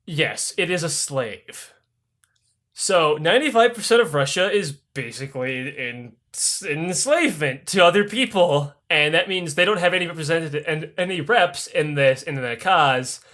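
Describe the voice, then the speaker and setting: A man tells history as a comic story on a podcast, crude and irreverent. His voice sits fairly high and swings around a lot as he gets worked up. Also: normal speed. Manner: crude, animated, swearing freely. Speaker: podcast host.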